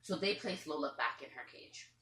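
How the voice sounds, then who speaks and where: A woman's voice: sits low, animated, moderate pace, pushed and bright, reverberant. A woman parrot owner telling a long story to the camera at home, chatty and rambling, sometimes acting out what others said. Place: room at home with pet birds.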